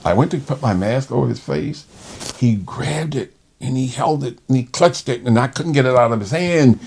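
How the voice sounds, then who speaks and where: A man who works as a respiratory therapist, telling a personal story in conversation in an animated way. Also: mid-range voice, normal speed, creaky, breathy edge. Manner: animated, acts out quoted voices.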